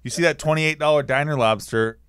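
A man's voice: a little high, fairly quick, a bit bright, clear, resonant tone, dry recording, studio quality. A man, a guest comedian in a casual chat, wisecracking and swearing freely.

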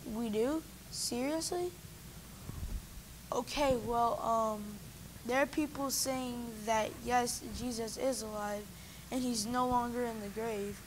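A woman's voice: fairly high pitch, steady tone, takes it slowly, slight background noise, low-quality recording. A woman playing a skeptical, flustered TV news anchor in an amateur church skit, sounding doubtful and exasperated. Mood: incredulous.

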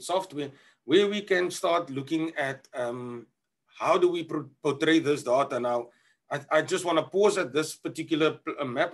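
A man giving an online conference presentation over a video call, talking haltingly with many fillers and restarts, from South Africa. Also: on the high side.

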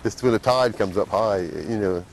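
A man's voice: fairly low pitch, normal speed, gravelly, a little hiss or hum. A man with an Outer Banks brogue, telling stories casually in an interview, stumbling and laughing over his words. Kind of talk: casual storytelling.

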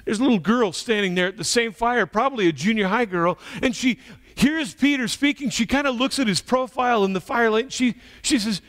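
A male pastor with a notably high voice preaching a sermon. He tells a story, dropping to hushed tones and then building to emphatic runs. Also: fairly quick.

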